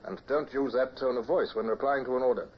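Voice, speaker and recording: A man's voice: fairly low pitch, a little fast, lightly acted. A man playing a young British naval lieutenant who narrates, speaking in a clipped, well-spoken way in 1950s radio drama style. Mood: brisk, stern. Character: young naval lieutenant, firm but fair. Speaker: narrator and lead role. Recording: dull, faintly hissy old radio recording.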